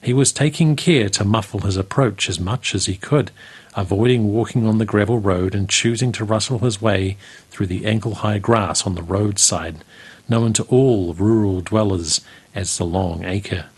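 A man reading a country story aloud in a steady, unhurried way. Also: lowish voice, slightly rough.

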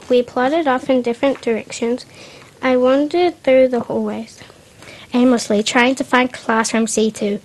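A woman's voice: on the high side, fairly even intonation, measured pace. A woman reads a first-person story aloud in a plain, unpolished way, often stumbling and restarting words. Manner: unpolished reading with restarts and slips.

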